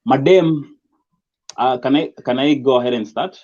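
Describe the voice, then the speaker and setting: A man's voice: mid-range voice, fairly even intonation, fairly quick, darkish tone. A young Kenyan man with a Kenyan accent, performing spoken word poetry in a rhythmic, rhyming delivery. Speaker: poet. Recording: dull lo-fi recording.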